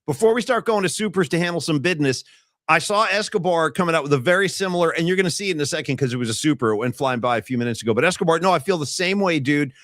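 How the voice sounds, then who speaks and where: A man co-hosting a sports talk stream, rambling and animated as he riffs on viewer comments. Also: on the high side, very fast, dry recording, clean studio sound. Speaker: podcast co-host. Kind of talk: casual sports chat.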